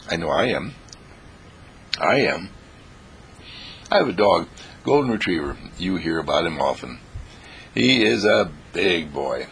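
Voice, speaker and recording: In a rough, husky voice, a man gives a lively inspirational talk, repeating phrases as he shifts from high outbursts to low murmurs. He's very animated yet measured, leaving long pauses, with a fairly bright tone and slight hiss or hum.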